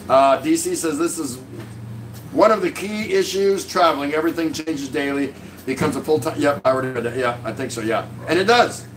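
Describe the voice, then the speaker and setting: A man's voice: fairly high pitch, normal speed, slight background noise. A man in his sixties hosting a casual live stream from his couch at home, reading viewer comments aloud and joking with a chuckle. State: drinking beer while talking.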